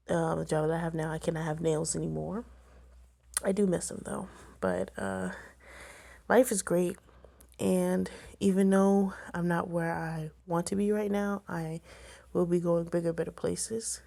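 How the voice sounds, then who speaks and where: A woman's voice: fairly low pitch, vocal fry, dark tone. A young woman telling a personal story to camera, emotional and tearful at times, with many fillers. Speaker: vlogger.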